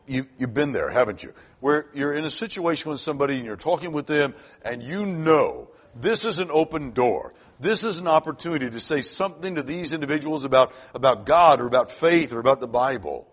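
Older male preacher, husky voice with a lot of rise and fall, chatty storytelling sermon. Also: mid-range voice. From Florida. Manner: conversational, repeats words when starting sentences.

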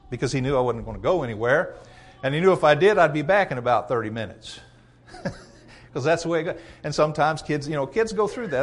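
A male pastor preaching a sermon in a conversational, emphatic way, often chuckling and acting out what people say. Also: on the high side.

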